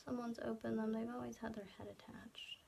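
A woman talking casually to viewers while unboxing a doll, chatty and rambling, often dropping to a soft whisper. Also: a little high, flat delivery, fairly quick, creaky, background noise. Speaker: doll collector vlogger.

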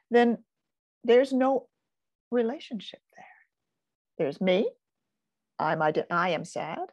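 An older woman teaching in a gentle, soothing manner, sometimes dropping to a soft whisper. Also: medium pitch, vocal fry, husky, dry recording. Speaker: focusing teacher. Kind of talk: gentle guided teaching talk.

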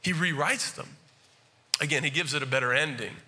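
Bright, forceful man preaching a sermon. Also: on the high side, brisk. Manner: conversational, animated preaching with asides to the congregation. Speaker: pastor.

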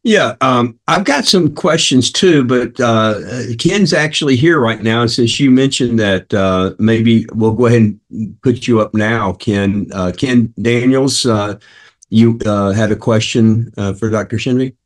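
A man's voice: mid-range voice, a little slow. A man moderating a panel discussion, speaking hesitantly with many fillers.

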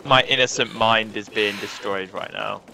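A man's voice: lowish voice, fairly even intonation, moderate pace, vocal fry, sharp tone. A man chatting casually as a co-player during a game, laid-back and self-deprecating. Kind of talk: casual gaming chat. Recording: noticeable background noise.

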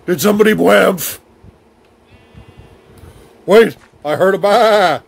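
A man's voice: high-pitched, slow pace, vocal fry, slightly rough. A young man hosting a silly comedic game playthrough, babbling in baby talk and rhyming nonsense words as he plays. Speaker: gaming video host. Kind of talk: silly comedic let's-play commentary.

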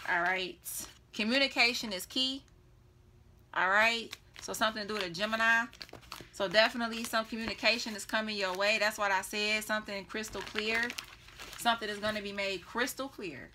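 A woman's voice: medium pitch, steady tone, brisk, pushed and bright, slight background noise. A woman giving a casual tarot reading, chatty and blunt, laughing often and swearing freely. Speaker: tarot reader.

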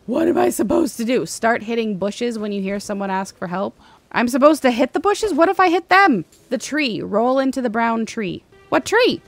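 A woman's voice: on the high side, moderate pace, dry recording. A young woman commenting on her own gameplay, chatting casually and breaking into panicked shrieks and laughter when things go wrong. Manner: excitable, shrieks and panics during fights. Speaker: gaming streamer. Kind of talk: let's play commentary.

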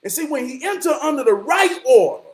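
A man holds forth in a casual, sermon-like monologue, looping back on his own phrases and swearing freely. His voice sits high for a man and swings widely up and down as he drives each point home. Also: expressive, a little fast, poor audio. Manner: profane, repetitive, rhetorical, street-preacher cadence. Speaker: vlogger giving life talks.

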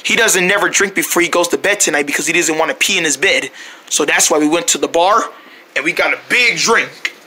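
A man's voice: on the high side, brisk, sharp tone. A man telling a rambling first-person story skit in a playful, run-on way, adding his own sound effects. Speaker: storyteller voicing a character.

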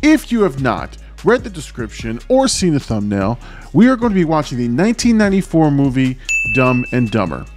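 A man hosting a movie reaction channel, talking in an energetic, chatty way. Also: mid-range voice, fairly quick, soft background music. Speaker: host.

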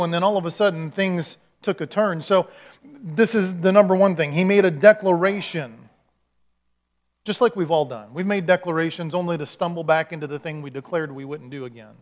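A man's voice: a little high, moderate pace. A man, a pastor, giving a sermon in a conversational storytelling way, acting out the quotes he tells.

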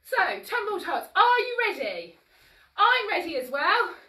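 This woman's very high, very animated voice comes across bright and forceful, her pace a little slow. She's running a live-streamed toddler action-song class, cheerfully coaxing the children in a sing-song way while moving and getting a bit winded. Heard from a distance, the sound carries a roomy echo.

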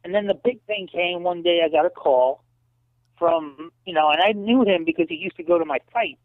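A former kickboxer turned wrestling promoter, appearing as an interview guest, tells animated stories at a normal speed. He acts out the people he quotes with big jumps in pitch, and the dry recording sounds tinny, like a phone line.

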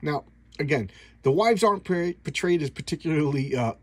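A man with a slightly raised, husky voice walks through comic panels he loves. He stops and restarts constantly, repeating words as he searches for terms. The sound is dry and close, with no room around it. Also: a little high, lively intonation, moderate pace, no echo. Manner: enthusiastic, self-doubting asides. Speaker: comic book reviewer. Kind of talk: casual comic review.

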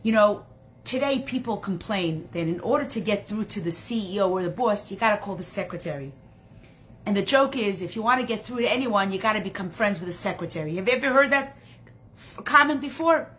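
A woman teaching a Torah class in an animated storytelling style, acting out the characters in her stories. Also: mid-range voice, fairly quick, a little hiss or hum.

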